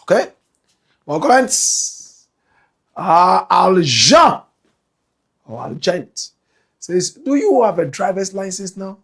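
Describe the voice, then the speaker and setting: Male Ghanaian talk host, husky rasp, higher register, punchy commentary. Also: sing-song, slow pace, pauses often. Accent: Ghanaian English. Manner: swings between loud outbursts and low muttered asides. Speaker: talk show host reading viewer comments. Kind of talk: animated commentary.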